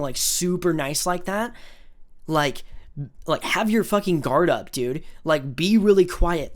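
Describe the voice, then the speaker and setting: Picture a young adult talking straight to camera in a loose storytime rant. The voice sits at an ordinary middle pitch, and the talk runs on with "like" and "um," swear words and scornful little asides. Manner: rambling, filler-heavy, profane, with scornful asides. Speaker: vlogger.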